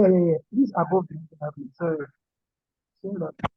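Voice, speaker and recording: A man student answers his instructor over a call, stumbling and restarting his sentences. His voice sits high for a man and sounds husky, squeezed through a narrow, phone-like line. The sound is dry, with no room echo. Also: animated, a little fast. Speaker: trainee student. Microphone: call audio. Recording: tinny phone line, muffled.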